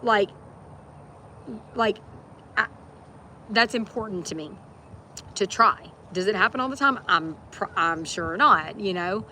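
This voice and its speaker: A woman's voice: mid-range voice, lively intonation, a little slow, long pauses, bright, forceful tone. Earnest woman, rambling faith talk; noisy outdoor livestream with passing traffic. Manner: earnest, rambling, many fillers and restarts.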